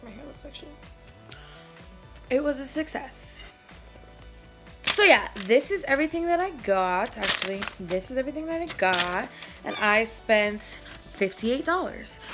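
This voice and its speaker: A woman's voice: high voice, bright, forceful tone. A young woman vlogging a shopping haul in a casual, slangy, playful way, a bit out of breath. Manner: chatty, slangy, playful, rambling.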